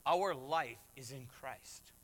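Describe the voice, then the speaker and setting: A man's voice: mid-range voice, slow, fairly bright tone. A man preaching a sermon as pastor, emphatic, with acted asides and rising refrains. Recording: reverberant hall.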